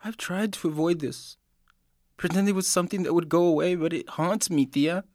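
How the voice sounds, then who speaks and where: A woman's voice: on the low side, fairly even intonation, normal speed, a little mellow, no echo, studio quality, lightly acted. A woman acting a troubled twenty-year-old young man, guarded and anxious. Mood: anguished.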